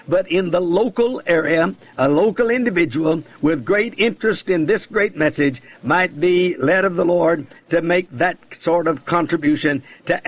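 A man preaching a radio sermon in an oratorical, emphatic way, piling up lists of words. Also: fairly high pitch. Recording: dull lo-fi radio broadcast.

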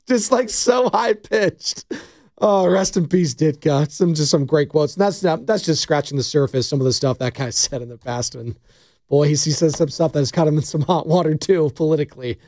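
High-voiced chatty sports radio man. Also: darkish tone, no room sound. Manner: chatty, lots of "like" and "um" fillers. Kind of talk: casual sports radio chat. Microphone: studio mic.

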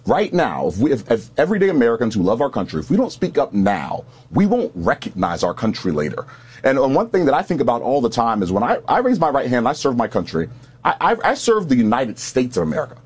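A man's voice: medium pitch, huge pitch swings, fast, breathy edge. A man speaking as a panel guest, impassioned, often repeating words as he starts a point. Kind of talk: panel discussion commentary.

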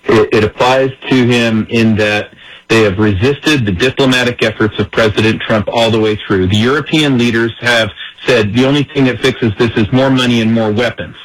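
During an interview, a man delivers emphatic political commentary, acting out other people's words as he explains. His mid-range voice holds a steady tone at a moderate pace, though the recording quality is low.

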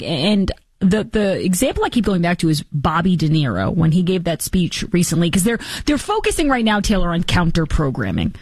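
A woman's voice: lowish voice, sing-song, brisk, few pauses, a little mellow, dry recording. A woman hosting an opinionated political commentary show, sarcastic and mocking, slipping into impressions of the people she criticizes.

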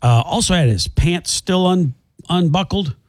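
Animated man telling a story on radio. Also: high voice, unhurried, no echo, studio quality. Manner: animated storytelling, indignant asides. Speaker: radio show co-host. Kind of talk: casual radio chat.

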